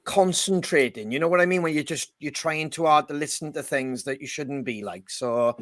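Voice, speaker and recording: A man's voice: on the high side, normal speed, dry recording, clean studio sound. A man in a band, chatting casually on a podcast, rambling, swearing freely and laughing often. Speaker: band member co-hosting a podcast. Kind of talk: casual chat.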